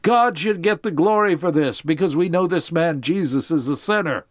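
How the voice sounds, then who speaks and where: A man voicing indignant male religious leaders who fire sharp, incredulous questions in a dry-sounding recording. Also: a little high, expressive, normal speed, no room sound, voice pushed up, natural voice.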